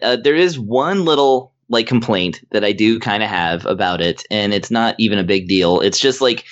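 A man's voice: on the low side, fairly bright tone, muffled recording. A man casually reviewing a video game in rambling chat, with lots of fillers and laughter. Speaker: podcast co-host reviewing games.

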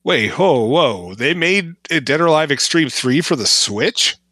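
A man co-hosting a casual gaming podcast, chatting in an excitable way with plenty of fillers. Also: fairly high pitch, unhurried, no room sound. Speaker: podcast co-host. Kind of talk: casual chat.

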